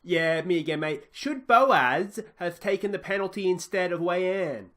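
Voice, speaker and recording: Man doing a pushy Australian press reporter for a game video; raised pitch, punchy. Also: a little slow, a bit bright. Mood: probing. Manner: pushy questions ending in "mate". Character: brash male Australian sports journalist.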